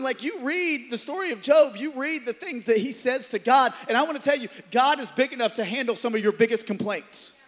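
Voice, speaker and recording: A man preaching a sermon as pastor, swinging from loud, driven passages to hushed ones. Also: very high voice, brisk. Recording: long hall reverb.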